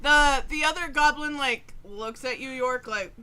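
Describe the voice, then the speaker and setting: A woman's voice: sits high, a little slow, pushed and bright, slight background noise. A woman narrating as game master of a tabletop game, giggly, with lots of fillers.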